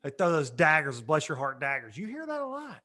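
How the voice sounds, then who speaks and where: A male podcast co-host who jokes and spins long, loose stories in a relaxed chat. His voice is high and bright. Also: slight background noise. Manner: joking, drawn-out storytelling.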